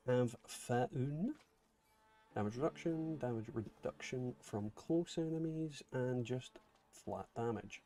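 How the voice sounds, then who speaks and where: A man's voice: medium pitch, slow, dark tone. A man with a Scottish accent, casually chatting and swearing while streaming a game and answering viewer chat. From Scotland. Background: game music.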